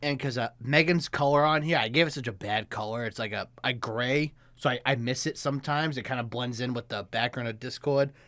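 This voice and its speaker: A man's voice: medium pitch, a little fast, hardly any pauses, a bit bright, no echo. A man co-hosting a podcast in casual chat, laughing often and swearing in jokes. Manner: laughs often, crude and joking. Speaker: podcast co-host.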